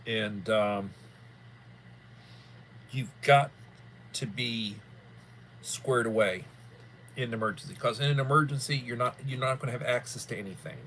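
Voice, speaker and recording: A man's voice: mid-range voice, a little slow, long pauses, a bit bright, slight background noise. A man hosting a livestream in casual chat, rambling in a folksy way and repeating himself. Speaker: livestream host.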